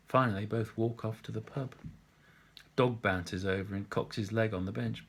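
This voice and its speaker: A man's voice: on the low side, fairly even intonation, normal speed, slightly rough. A middle-aged man reading his own story aloud with dry, wry humour. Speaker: author reading his book. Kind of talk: storytelling narration.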